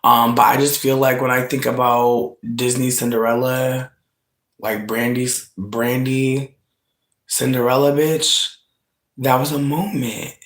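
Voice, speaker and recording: A man's voice: medium pitch, level tone, unhurried, fairly bright tone. Sassy young man, sick, chatting on stream. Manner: sassy, joking, slangy. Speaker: livestream host. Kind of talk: casual livestream chat.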